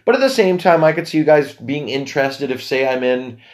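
A man's voice: mid-range voice, animated, fairly quick. A man from Canada hosting a casual solo podcast, chatty and rambling, often stumbling over words and correcting himself. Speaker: podcast host.

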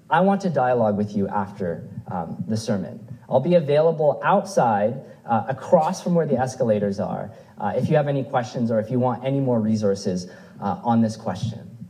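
A man's voice: mid-range voice, warm tone, poor audio. A man preaching a sermon in a church, earnestly reading scripture aloud with rising and falling emphasis. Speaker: pastor.

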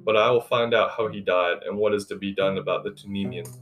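A man reading the lines of a grave, sorrowful old elder mage in a storybook, in a measured, solemn way. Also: low voice, steady tone, a bit bright, soft background music.

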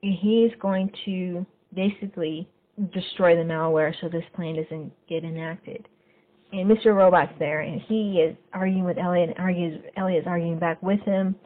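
A woman hosting a podcast, casually recapping a TV episode scene by scene and getting lively when she quotes the characters. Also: fairly low pitch, moderate pace. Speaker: podcast host. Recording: phone-like narrow sound.

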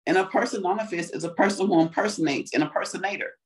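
A woman co-hosting a casual chat, joking and playful, often clearing her throat. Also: fairly low pitch, fast.

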